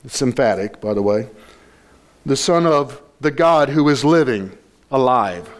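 A man preaching a sermon, emphatic and repetitive, building to forceful peaks. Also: mid-range voice, animated, unhurried. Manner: emphatic preaching, repeats key phrases, rising to loud peaks. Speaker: pastor.

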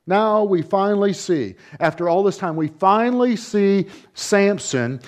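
A man preaching with a somewhat high voice that drops to a low hush and then climbs to loud, ringing cries. He repeats lines and asks questions of his listeners. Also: lively intonation, measured pace, hardly any pauses. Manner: dramatic, swings from hushed low tones to loud high cries; repetitive, rhetorical questions. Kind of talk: sermon.

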